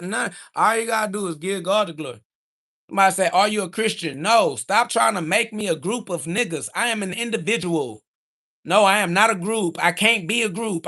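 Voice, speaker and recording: A young man holds forth on his livestream in a high, gravelly voice with a sharp, forceful edge. He answers chat comments one by one, brash and profane, preaching in heavy slang. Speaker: livestream host.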